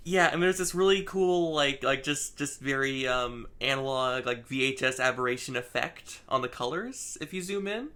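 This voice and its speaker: A man co-hosting a casual comic book chat, recapping in a halting way full of fillers. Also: mid-range voice, lively intonation, pushed and bright, clear, resonant tone. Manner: halting, lots of fillers and laughs. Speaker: comic book podcast co-host.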